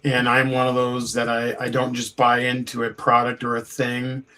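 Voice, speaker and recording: A man on a podcast speaking earnestly and haltingly, with many pauses and fillers. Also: medium pitch, completely flat delivery, bright, forceful tone. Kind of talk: casual podcast chat.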